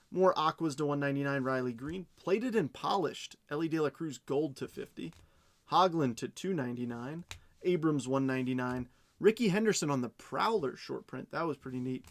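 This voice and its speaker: A man hosting a live card-breaking stream, reading off pulls quickly and chatting with his viewers. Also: medium pitch. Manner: rapid rundown of cards, chatting with viewers.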